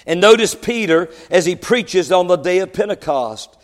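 High-voiced preacher booming in a hall. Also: male voice, lively intonation, moderate pace. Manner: swings from shouted peaks to low, quiet asides; stammers and restarts when worked up. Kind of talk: sermon.

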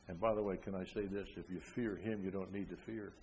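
An older man preaching a sermon, emphatic, with frequent rhetorical questions, rising loud and then dropping soft. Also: deep voice, fairly even intonation, quick pace, hardly any pauses. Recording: long hall reverb.

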